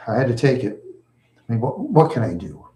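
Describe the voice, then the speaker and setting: A man's voice: medium pitch, sing-song, brisk, mellow. A middle-aged man rambling on a live stream, mumbling and repeating himself in a self-pitying way. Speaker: livestream host. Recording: echoey room.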